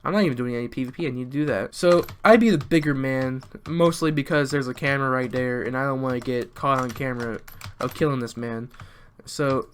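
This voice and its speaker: A man's voice: mid-range voice, a little fast, slight background noise. A teenage boy from the American South, rambling through a joking storytime while gaming, full of restarts. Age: teens. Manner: rambling, joking, restarts a lot, mutters at the game. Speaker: YouTuber. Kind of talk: storytime commentary over gameplay.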